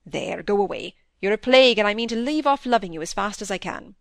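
A woman reading the part of a middle-aged male country doctor, a gruff but fond father who speaks gravely and with a little impatience. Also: medium pitch, animated, a little fast, dry recording, clean studio sound. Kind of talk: audiobook dialogue reading.

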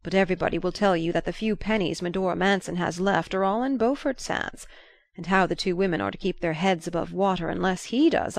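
A woman reading the lines of a sly, insinuating old gentleman in an audiobook, in a knowing, probing way. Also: mid-range voice, creaky, no room sound.

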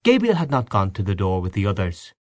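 A man giving a measured, expressive audiobook narration of a story. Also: lowish voice, no room sound. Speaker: audiobook reader. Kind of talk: scripted narration.

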